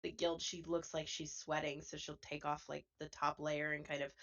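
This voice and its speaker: A woman's voice: deep voice, level tone, normal speed, a bit bright. A woman narrating a tabletop game as game master, describing a character in a loose, rambling way. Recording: dull lo-fi sound.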